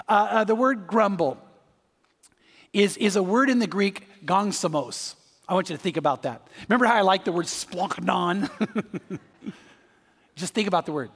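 A man with a fairly high voice preaches a sermon, pressing his points by repeating words and dropping in joking asides. His voice rings out with the long reverb of a large hall. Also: a bit bright. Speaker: pastor.

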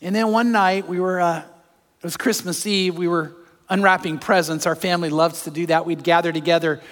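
A pastor preaching a sermon, telling personal stories that move from hushed to fervent. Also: male voice, high-pitched, steady tone, moderate pace, in a large hall.

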